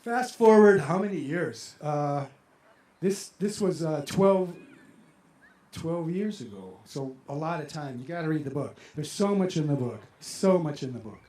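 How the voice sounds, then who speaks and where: With a slightly high voice and a measured pace, this man in his sixties recounts a personal experience live at an outdoor amphitheater, and the sound is reverberant. He gets animated and emotional, performing his own reactions for the audience.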